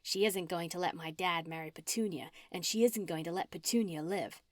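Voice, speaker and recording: A woman narrator voicing a remorseful young woman who speaks in a hushed, subdued way. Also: on the low side, brisk, no echo, clean studio sound, close to an everyday voice.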